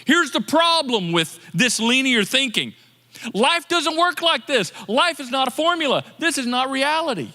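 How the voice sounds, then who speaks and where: A man preaching a sermon as pastor, in a lively, conversational manner that acts out people's complaints. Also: very high voice, moderate pace, in a large hall. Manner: animated, conversational preaching with quoted inner voices. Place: church sanctuary.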